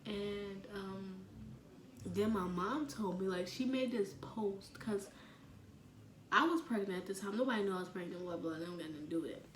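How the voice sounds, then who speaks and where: A young woman from the telling a personal story in a halting way, full of fillers, often sinking almost to a whisper. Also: medium pitch, recorded from a distance. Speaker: vlogger. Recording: echoey room with faint ambient noise.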